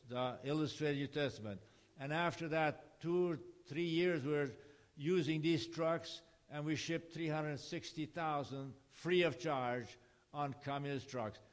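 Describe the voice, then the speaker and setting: An older man from Canada, a missionary speaker giving a personal testimony over photo slides and acting out the dialogue as he tells it. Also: on the high side. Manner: plain storytelling with acted-out dialogue.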